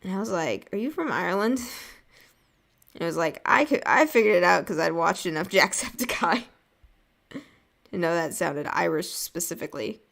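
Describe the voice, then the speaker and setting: A woman's voice: fairly low pitch, animated, normal speed, vocal fry, pauses often, fairly bright tone. A young woman from the United States chatting casually while drawing on a stream, rambling and laughing often. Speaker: artist streaming a drawing session.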